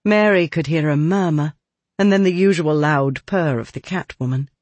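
A man reading a novel aloud as narrator, with expressive, lively storytelling. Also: a little high, moderate pace, dry recording. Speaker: audiobook narrator. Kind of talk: scripted narration.

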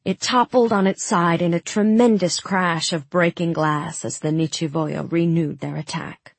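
A woman reading a first-person story aloud as an audiobook narrator, with urgent, tense storytelling that breaks into shouts. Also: lowish voice, fairly even intonation, normal speed, vocal fry, husky, no echo.

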